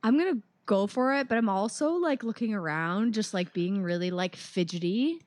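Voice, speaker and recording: A woman's voice: mid-range voice, animated, normal speed, a little mellow, no room sound. Giggly woman playing a tabletop game. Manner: giggly, playful. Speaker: player.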